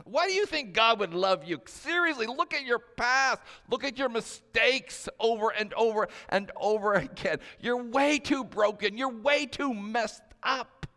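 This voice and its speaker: A jeering voice of condemnation, put on by a male preacher, snaps out accusations over and over. It sits well above his normal pitch and carries a gravelly rasp. Long reverb trails behind it. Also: lively intonation, a little slow, few pauses, full character voice. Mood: taunting. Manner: jeering, loud and repetitive.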